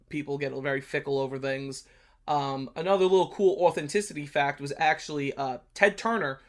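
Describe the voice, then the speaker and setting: A man's voice: fairly high pitch, fairly bright tone. A man with a blunt New York accent, hosting a history channel and casually talking through a movie review. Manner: blunt, brash, chatty with many fillers.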